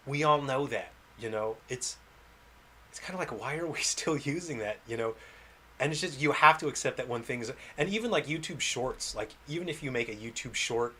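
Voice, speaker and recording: A man's voice: medium pitch, fairly bright tone, slight background noise. A man, an indie game developer, chatting casually on a livestream, rambling and self-deprecating and often laughing.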